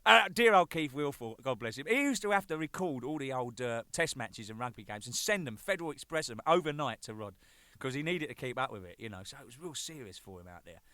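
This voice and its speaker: This drummer, a man in his thirties, presents his band's record through a jokey, rambling monologue full of cheeky stories and swearing. He speaks briskly in a mid-range voice with lively intonation and a sharp tone, with no room sound.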